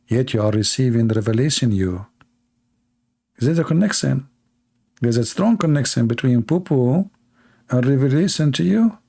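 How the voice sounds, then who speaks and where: Guy hosting a livestream, mocking and sarcastic, mellow low-key tone, broken english. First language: Arabic. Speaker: livestream host. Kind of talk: mocking live-stream commentary.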